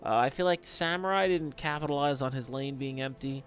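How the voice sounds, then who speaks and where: A young man giving casual, rambling commentary on a strategy game, often breaking into excited exclamations. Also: mid-range voice, brisk, faint music behind. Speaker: game caster.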